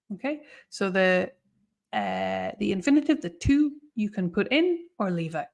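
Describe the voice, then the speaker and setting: A woman's voice: mid-range voice, lively intonation, unhurried, creaky. A woman teaching English grammar in a live online lesson, explaining patiently and often checking in with "okay?" and "no?".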